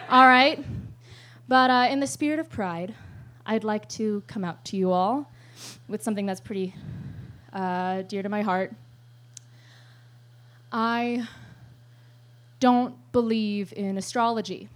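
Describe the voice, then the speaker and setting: A young woman with a high voice performs a live stand-up set. She is profane and animated, breaking into loud outbursts and often laughing in the middle of a line. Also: moderate pace, long pauses. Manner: laughs often mid-sentence. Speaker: stand-up comedian. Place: live show stage.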